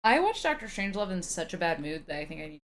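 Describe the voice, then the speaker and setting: A woman's voice: fairly low pitch, very animated, quick pace, fairly bright tone, slight background noise. Casual, swearing woman podcast co-host. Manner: swearing, rambling anecdotes with filler words. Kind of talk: casual chat.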